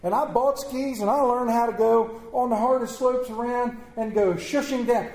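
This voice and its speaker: A high-voiced man preaches in a church hall, and the room's echo hangs on his words. He reads scripture slowly and with weight, then jokes and trades questions with the congregation. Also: darkish tone. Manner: slow emphatic scripture reading, then joking banter with the congregation. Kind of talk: sermon with scripture reading and audience questions. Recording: echoey room.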